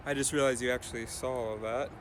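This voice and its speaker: An American man chats to his camera, thinking aloud and trailing off between thoughts. His voice sits at an ordinary pitch. Traffic and street noise come through clearly behind him. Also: steady tone, quick pace. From United States. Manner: rambling and thinking aloud, many fillers. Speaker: hitchhiking vlogger. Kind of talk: casual vlog talk to camera. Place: outdoors by a road and in a vehicle. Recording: noisy outdoor and traffic background.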